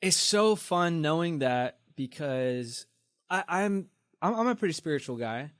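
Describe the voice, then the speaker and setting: A man's voice: fairly high pitch, lively intonation, unhurried, no room sound, studio quality. A male guest in a casual chat who talks in a laid-back, reflective way with frequent fillers.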